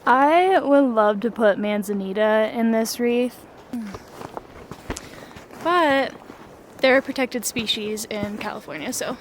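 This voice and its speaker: A woman's voice: a little high, slow, slight background noise. A young woman talking casually while walking through a snowy forest, a bit breathless and chatty. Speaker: vlogger. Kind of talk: casual vlog narration.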